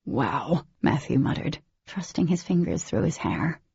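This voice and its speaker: A woman narrating a first-person novel as an audiobook in a steady, even reading. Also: low voice, moderate pace, vocal fry, slightly rough, no echo. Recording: dull lo-fi recording, dry.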